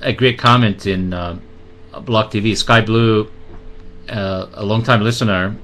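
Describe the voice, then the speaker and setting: A man hosting a talk show, speaking in an unhurried way with some hesitant fillers. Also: lowish voice, steady tone, fairly bright tone, slight background noise. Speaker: show host. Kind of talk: casual radio talk.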